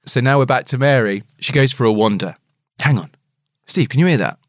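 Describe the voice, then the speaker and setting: A man's voice: mid-range voice, lively intonation, fairly quick, no room sound, studio quality. A man co-hosting a casual book chat, playful and often laughing. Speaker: podcast co-host.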